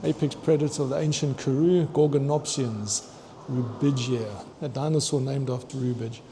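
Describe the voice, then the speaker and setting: Vlogger, male, mellow tone, eager museum-tour chatter, faint hum behind. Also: mid-range voice, moderate pace. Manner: enthusiastic, chatty, stumbles over long names and laughs. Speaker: vlogger touring a fossil museum. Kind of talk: walking museum tour vlog. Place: indoor museum hall.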